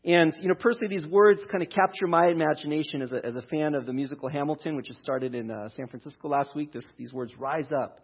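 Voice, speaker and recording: A pastor preaching a conversational sermon, talking through a scripture passage. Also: male voice, a little high, fast talker, hardly any pauses, breathy edge, lo-fi sound. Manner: conversational, restarts, reads scripture aloud.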